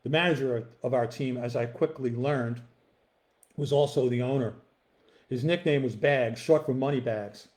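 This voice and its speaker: A man reads from his own first-person novel in a relaxed, plain way at an easy, unhurried pace. His voice is an ordinary middle pitch, and his introduction has some fillers.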